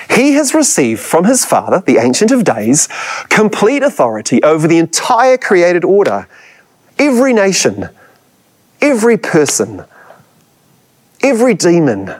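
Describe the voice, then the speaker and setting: A man's voice: on the high side, slightly rough. A man, a church history lecturer, preaching a sermon with dramatic emphasis and rhetorical questions put to his listeners.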